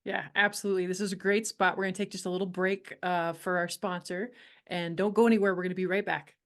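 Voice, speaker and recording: A woman's voice: on the low side, little pitch movement, quick pace. Upbeat woman hosting a podcast. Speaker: podcast host. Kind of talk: casual interview chat.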